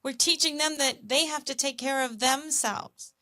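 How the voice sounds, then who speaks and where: A woman hosts a podcast conversation with a bright, clear voice that sits a little high. She chimes in with agreement and then poses her questions in an easy, chatty way. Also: normal speed. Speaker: podcast host. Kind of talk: conversational interview.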